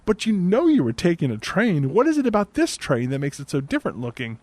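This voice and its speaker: A young man recapping a movie in a sarcastic, exasperated comedic rant into a desk microphone on a boom arm, swearing now and then. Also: wildly swooping pitch, brisk, a little mellow, no room sound. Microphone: desk mic on a boom arm.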